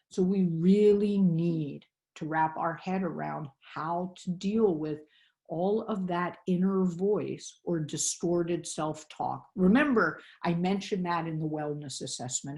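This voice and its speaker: A woman's voice: fairly low pitch, creaky, darkish tone. A woman presenting a wellness webinar in an earnest, coaching way, acting out inner self-talk voices.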